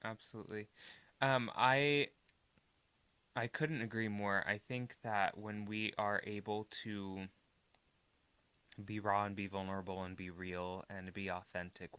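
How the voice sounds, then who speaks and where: Slow, resonant man co-hosting a podcast. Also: lowish voice, bright, forceful tone, clean tone, no echo. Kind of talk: conversational podcast talk.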